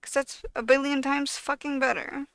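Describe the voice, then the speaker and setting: Young woman vlogger, high voice with constant vocal fry, blunt and frustrated, swearing freely, very dry sound. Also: steady tone, normal speed, a bit bright, dry recording. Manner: frustrated, profane, blunt venting; swings between mumbling and raised voice. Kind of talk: casual to-camera rant.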